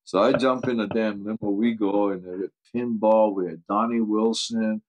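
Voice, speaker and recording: An older man with a very low, deep voice spins casual stories from his coaching days. He laughs easily and slips into the voices of the people in his tales. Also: moderate pace, highs cut off. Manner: animated anecdotes, acts out quoted voices, laughs often. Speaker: football coach guest. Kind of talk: casual storytelling interview.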